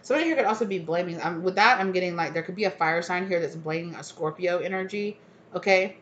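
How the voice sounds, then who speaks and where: Low-voiced woman thinking aloud over cards. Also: fast, a bit bright, lo-fi sound, a little hiss or hum. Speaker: tarot reader. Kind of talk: casual tarot card reading.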